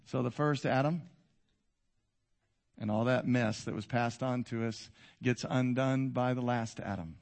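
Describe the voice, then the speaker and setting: A man in his fifties preaching a sermon to a congregation, swinging between loud exhortation and quiet intensity. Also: mid-range voice, unhurried, pauses often. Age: 50s. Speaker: pastor. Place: church before a congregation.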